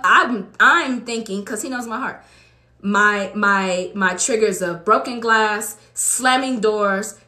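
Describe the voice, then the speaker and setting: A woman's voice: a little high, bright, forceful tone. A woman preacher from Los Angeles giving a fervent, conversational testimony sermon to her congregation in a church. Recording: echoey room.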